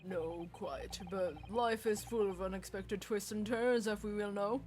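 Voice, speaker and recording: A woman reading the lines of an earnest, flustered young male lawyer in slow, careful tones, voicing game dialogue aloud. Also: mid-range voice, steady tone, a little mellow, soft background music, natural voice.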